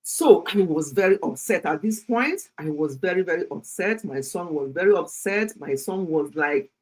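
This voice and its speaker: A Nigerian woman in her sixties with a Nigerian English accent, hosting a health livestream and telling a story in an animated, chatty way, laughing often and slipping into pidgin. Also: on the low side, normal speed, low-quality recording. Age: 60s. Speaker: health channel host. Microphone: streaming setup.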